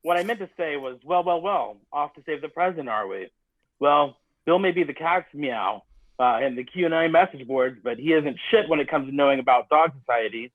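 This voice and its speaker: A man's voice: fairly high pitch, expressive, brisk, dry recording, lightly acted. A man playing a smug, menacing masked captor in a comedy stage reading, heard over a tinny phone-like line.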